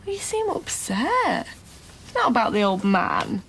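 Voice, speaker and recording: A woman's voice: on the high side, big pitch swings, measured pace, vocal fry, fairly bright tone, slight background noise, heavily acted. A woman playing a fussing, probing young wife who dotes on her husband, in a TV drama. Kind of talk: TV drama acting.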